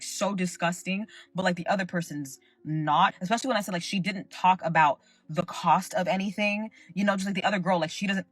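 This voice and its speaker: A woman's voice: lowish voice, fairly bright tone, breathy edge, no room sound. A young woman hosting her own show, giving an emphatic, rambling commentary full of filler words. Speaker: podcast host and content creator. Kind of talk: casual commentary rant.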